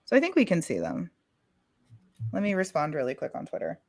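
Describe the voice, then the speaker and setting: A woman co-hosting a casual podcast chat, frank and wry, speaking quickly and swearing casually. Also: fairly low pitch, wildly swooping pitch, darkish tone, no echo. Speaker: co-host.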